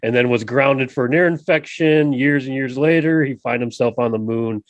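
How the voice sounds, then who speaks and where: A man co-hosting a podcast, telling stories in a casual, animated way, with many fillers and repeated words. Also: medium pitch, moderate pace, no room sound, muffled recording. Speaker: podcast co-host. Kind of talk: casual chat.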